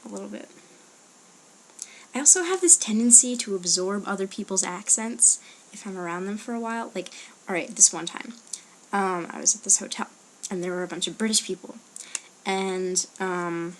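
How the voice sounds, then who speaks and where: A woman's voice: medium pitch, moderate pace, pauses often, slight background noise. Chatty young woman rambling through questions. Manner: rambling and chatty, with hesitant fillers and murmured asides. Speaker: blogger answering a question meme. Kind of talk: casual spoken audio post.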